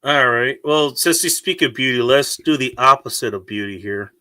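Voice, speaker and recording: A man's voice: mid-range voice, moderate pace, sharp tone, slight background noise. A man hosting a casual podcast, cracking crude teasing jokes with his co-hosts. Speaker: podcast host. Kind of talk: casual banter.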